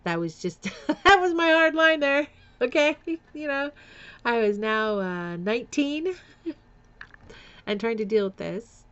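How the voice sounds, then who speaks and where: A woman's voice: a little high, expressive, takes it slowly, fairly bright tone, smooth, dull audio. A woman vlogger candidly telling a painful family story, with nervous laughs and repeated words. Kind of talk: personal storytelling vlog.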